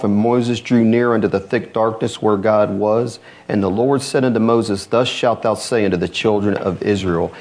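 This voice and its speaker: A man preaching a sermon, reading scripture aloud in a lower, slower voice and lifting his pitch to drive points home. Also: a little mellow. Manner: reads scripture low and slow, then rises to press points.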